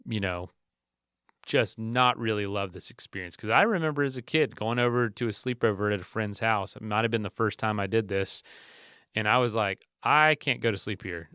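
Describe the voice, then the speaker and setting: A man in his thirties hosting a podcast, telling stories in a relaxed, rambling way with frequent restarts. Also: lowish voice, moderate pace, smooth, dry recording, clean studio sound. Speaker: podcast host. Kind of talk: casual storytelling monologue.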